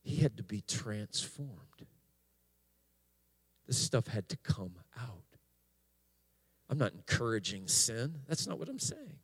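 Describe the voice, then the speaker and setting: Slow-preaching pastor, a man. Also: mid-range voice, sing-song, breathy edge. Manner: slow, halting delivery with restarts, rising to impassioned preaching. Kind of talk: sermon.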